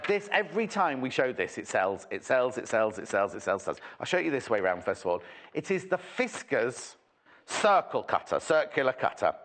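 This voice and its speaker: A man's voice: on the high side, a bit bright. A man presenting a TV shopping show in a chatty, rambling, jokey way, full of asides. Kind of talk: chatty live sales presentation.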